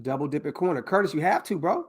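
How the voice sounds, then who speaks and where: Excitable and foul-mouthed, a male podcast host chats casually on a live stream, talking to viewers as he works on a mock draft. He speaks quickly in a fairly high, husky voice.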